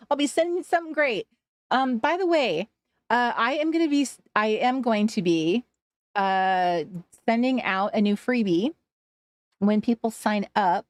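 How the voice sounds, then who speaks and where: A woman with a slightly high voice, recorded dry, hosts an easygoing craft livestream from Washington State. She reads and chats about viewer comments, often laughing and leaving sentences hanging.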